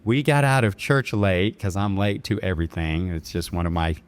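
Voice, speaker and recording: Lower-voiced man telling a dramatic story. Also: animated, normal speed, clean tone. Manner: earnest, dramatic retelling with quoted dialogue. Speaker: bank chairman and podcast guest. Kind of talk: storytelling in an interview.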